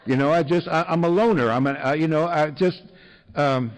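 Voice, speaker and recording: A man's voice: on the high side, moderate pace, poor audio. A man sharing his recovery story with an audience in a wry, self-mocking way, full of fillers and chuckles.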